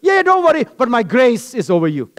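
A calm, reassuring God speaks in a lifted, breezy voice, as a man acts him out during a sermon. He shrugs off worries with easy confidence. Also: extremely high pitch, brisk, full character voice.

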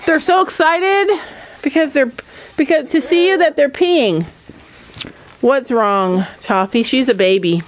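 A woman's voice: sits high, a little slow. A woman hosting a farm vlog, chatting playfully with children outdoors and laughing often. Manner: lively, playful, laughs often, explains things simply. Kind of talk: casual chat with children. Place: outdoors on a farm among animals. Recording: outdoor farm recording with noise.

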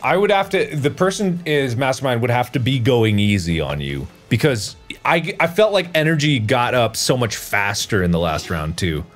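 A man casually chatting with friends while playing a co-op zombie game, at times shouting. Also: medium pitch, normal speed, few pauses, soft background music. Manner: animated, shouting repeated refusals, then explaining tactics. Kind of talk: casual gaming chat.

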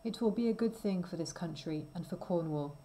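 A woman's voice: on the low side, brisk, mellow, slight background noise, natural voice, low-quality recording. A woman voicing an agreeable male king in a storybook read aloud.

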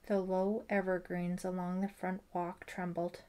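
A woman narrating a suspense novel as an audiobook, in a measured, even storytelling manner. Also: fairly low pitch. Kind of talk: scripted narration.

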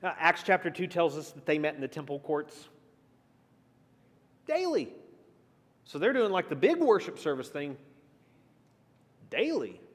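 A man's voice: a little high, animated, moderate pace, in a large hall. A man teaching a church class in a conversational way, asking the group questions and shifting his emphasis often. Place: church meeting room.

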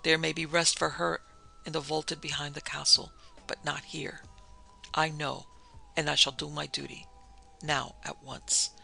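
A man voicing an aged, weary country priest who speaks in earnest, sorrowful musing, in a gravelly voice. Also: on the high side, level tone, unhurried, pushed and bright, soft background music, heavily acted, low-quality recording. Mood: anguished resolve.

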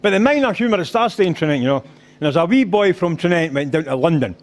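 A man's voice: a little high, lively intonation, fast. A middle-aged Scottish man doing stand-up, telling rowdy sweary stories and slipping into voices. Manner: boisterous storytelling, swearing, slipping into character voices. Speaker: stand-up comedian. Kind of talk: live stand-up set. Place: rugby club function room.

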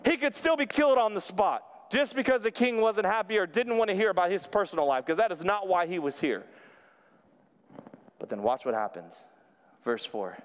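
A man, a pastor delivering an animated sermon to a young adult congregation. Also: high voice, fast talker, few pauses, smooth. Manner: animated, drops to near whisper at times. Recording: long hall reverb.

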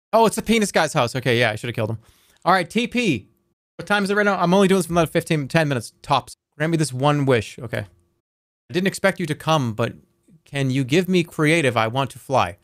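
A man's voice: mid-range voice, no echo, clean studio sound. A man in his thirties, a streamer chatting casually and joking while playing a game, reading messages aloud as he goes. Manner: joking, reacting fast, reading chat aloud.

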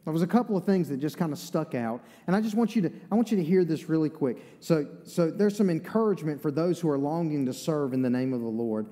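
A man with an Eastern North Carolina accent preaching in a church sanctuary. His voice sits a little high yet stays warm and mellow, and his delivery is folksy and chatty, full of asides. A long reverb of the hall trails every phrase. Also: lively intonation, quick pace, hardly any pauses. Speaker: pastor. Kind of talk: sermon.

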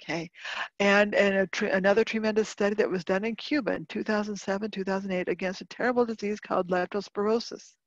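A woman's voice: medium pitch, steady tone, fast, no echo. A woman giving a homeopathy webinar presentation, earnest and emphatic, repeating her key points. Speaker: homeopathy lecturer. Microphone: video call microphone. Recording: dull, lo-fi webinar audio.

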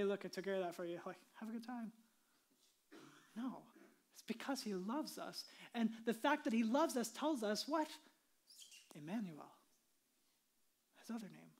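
A woman pastor giving an earnest, conversational sermon, dropping into a soft hushed delivery on solemn points. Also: mid-range voice. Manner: earnest, conversational preaching with many "like" asides.

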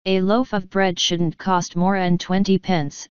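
A woman's voice: on the low side, level tone, measured pace, a little mellow, clean tone, no echo, dull audio, close to an everyday voice. A woman voicing an earnest, cautious young boy in an audiobook, hesitant and worried. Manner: hesitant, worried, plain-spoken. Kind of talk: audiobook character voice.

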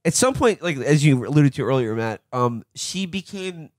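Guy on a comedy podcast, kinda high voice, rambly, lots of likes and restarts, dry sound. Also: lively intonation, moderate pace, a little mellow, no echo. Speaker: podcast co-host. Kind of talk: loose comedic chat.

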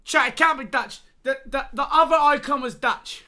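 A young woman, commentating a gaming livestream, excitable and pleading as she talks to her chat. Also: sits high, moderate pace. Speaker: streamer.

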